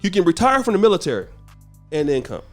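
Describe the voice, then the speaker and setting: Man, blunt, animated, swears, slightly high voice, faint music. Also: fast talker. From United States. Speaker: podcast co-host. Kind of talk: casual podcast chat.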